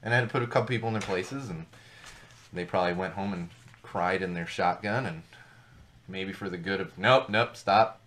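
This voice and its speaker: A man's voice: sits low, normal speed, a bit bright. Male host, thirties, loose solo commentary, riffs and repeats lines for effect. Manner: rambling, jokey asides, repeats for emphasis. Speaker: podcast host. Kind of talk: casual solo commentary on news.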